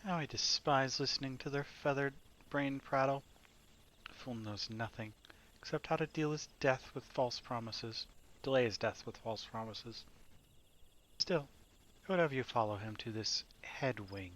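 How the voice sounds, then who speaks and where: A man's voice: medium pitch, a little slow, fairly bright tone, close to an everyday voice. A man voicing a ruthless, battle-hardened female cat mercenary who talks in threats. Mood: scheming. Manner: threatening, menacing.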